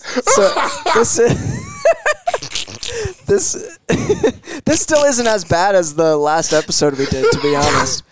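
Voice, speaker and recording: Man, slow-talking, very animated pitch, laughs a lot, heavy noise behind. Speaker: show co-host. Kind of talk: casual reaction commentary.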